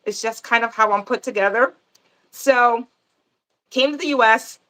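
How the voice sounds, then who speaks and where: A woman's voice: a little high, normal speed, bright, forceful tone. A woman from Panama hosting a gardening channel, chatting casually on a livestream and answering viewer comments as she goes.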